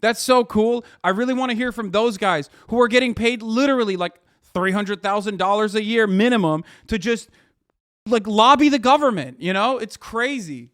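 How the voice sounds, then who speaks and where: A man in his thirties rants on a live stream with a profane, sarcastic edge. His voice sits high for a man and comes through close and dry, with no room at all. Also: normal speed, a bit bright, dry recording. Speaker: streamer reacting to news. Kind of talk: ranting casual commentary.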